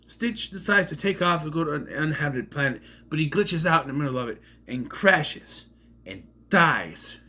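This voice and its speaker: A man's voice: a little high, fairly bright tone. A man giving a casual, rambling film review, sarcastic and often tripping over names. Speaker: movie reviewer.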